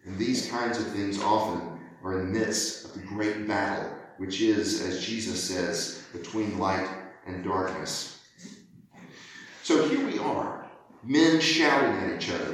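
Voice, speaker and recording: Man, preacher, emphatic sermon, very echoey church, distant mic. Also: medium pitch. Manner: earnest, emphatic preaching with dramatic quotes. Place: church sanctuary.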